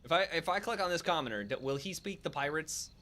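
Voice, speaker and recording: A man's voice: on the high side, lively intonation, fast, bright, forceful tone. A man chatting casually while playing a game, wry and offhand. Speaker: game streamer. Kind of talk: casual let's-play chat.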